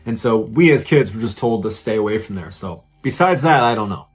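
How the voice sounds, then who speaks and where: An offhand small-town local man recalls an old rumor in a husky, plain everyday voice, as a male storyteller puts him on. His delivery is casual, without any theatrical color, like a chat at a bar in a spoken story. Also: lowish voice, expressive, brisk. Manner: casual, half-laughing recollection.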